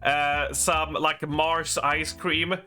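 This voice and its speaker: A man's voice: a little high, flat delivery, very slow, sharp tone, faint music behind. An Australian man chatting casually while streaming a game, rambling with lots of fillers and frequent laughter. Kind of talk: casual chat while gaming.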